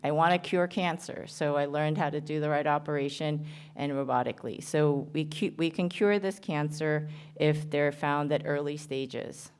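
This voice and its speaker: Low smooth-voiced woman surgeon w/ a new jersey accent, earnest conference talk, lots of ums. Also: steady tone. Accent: American, New Jersey. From Korea. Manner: earnest, halting with frequent ums and restarts. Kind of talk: conference presentation.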